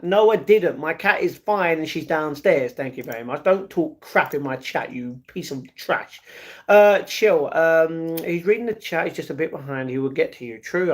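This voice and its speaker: A man hosting a casual livestream, reading viewers' chat messages aloud and answering each one directly from home. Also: on the high side. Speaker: livestream host.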